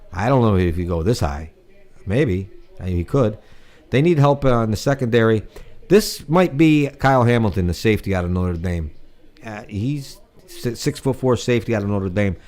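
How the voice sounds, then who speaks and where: A man's voice: on the low side, darkish tone. A man co-hosting a casual livestream chat, laughing at his own jokes and drawing out words for effect. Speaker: livestream co-host.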